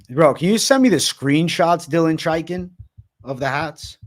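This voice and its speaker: A man's voice: a little high, animated, moderate pace. A man in his twenties hosting a casual livestream, hyped and profane, heavy on slang. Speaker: livestream host.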